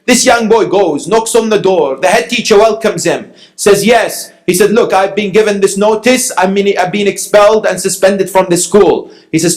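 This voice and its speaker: High-voiced preacher telling a story. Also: male voice, expressive, normal speed, few pauses. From Iran. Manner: acts out dialogue, rising to emphatic peaks. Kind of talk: sermon with storytelling.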